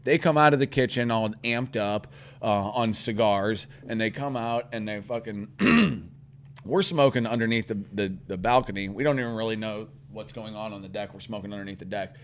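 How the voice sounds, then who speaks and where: A man's voice: on the low side, normal speed, slight background noise. Profane St. man telling a story. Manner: profane, rambling anecdote with acted-out quotes. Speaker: podcast co-host. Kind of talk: casual storytelling chat.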